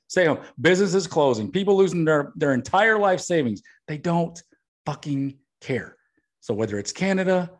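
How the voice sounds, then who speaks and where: A man hosting a podcast, ranting bluntly about politics and swearing often. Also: a little high. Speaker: podcast host. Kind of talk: political rant.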